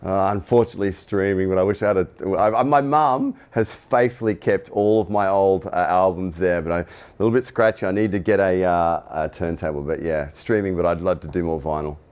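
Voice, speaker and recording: A man's voice: deep voice, brisk, few pauses, a little mellow, smooth. A middle-aged Australian man, a guest telling stories with frequent laughs and eager restarts. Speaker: interview guest. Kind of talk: casual storytelling.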